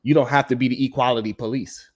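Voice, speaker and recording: With a mid-range voice, fairly even intonation and a quick pace, a man hosts a live stream. His talk is a casual, emphatic, profane and blunt monologue that keeps returning to "you know what I'm saying."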